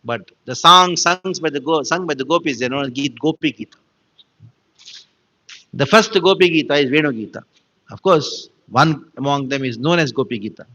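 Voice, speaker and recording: A man's voice: a little high, moderate pace, bright, forceful tone, rough recording. A man giving a devotional scripture class, telling the story with emphasis and animation.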